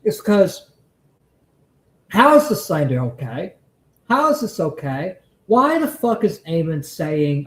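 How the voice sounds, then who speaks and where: Reacting to a video on his live stream, a man rants angrily and swears, his slightly high voice swinging widely in pitch. He talks slowly in heated commentary, and the audio is poor and reverberant.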